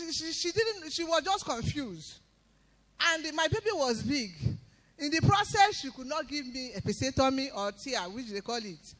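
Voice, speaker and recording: A woman giving an emphatic spoken testimony in church, breaking into loud praise. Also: sits high.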